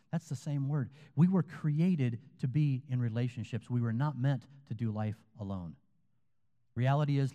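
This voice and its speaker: Male pastor, sermon, very dark mellow voice, conversational storytelling, long reverb in a big room. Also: mid-range voice.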